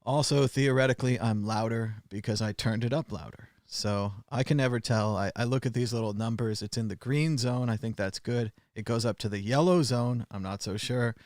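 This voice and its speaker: A man's voice: medium pitch, moderate pace, few pauses, a little mellow, no room sound, clean studio sound. A man hosting a casual news commentary livestream, chatty and sarcastic, with lots of filler sounds. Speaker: show host.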